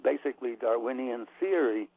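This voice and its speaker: A man's voice: mid-range voice, brisk, creaky, slightly rough, dry recording. A man being interviewed on the radio, talking emphatically and opinionatedly with frequent restarts, heard over a tinny phone line. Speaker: author and guest.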